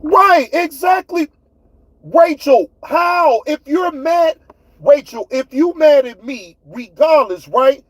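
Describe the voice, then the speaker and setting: High-voiced man ranting hotly on stream. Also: animated, slow pace, darkish tone, no room sound, rough recording. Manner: profane, fiery, talks straight to chat. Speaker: livestream host. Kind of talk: heated livestream rant.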